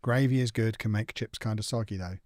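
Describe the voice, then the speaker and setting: A man's voice: lowish voice, a little fast, darkish tone, no room sound, clean studio sound. A young man hosting a casual live gaming stream, reading out chat and answering it with playful, teasing banter.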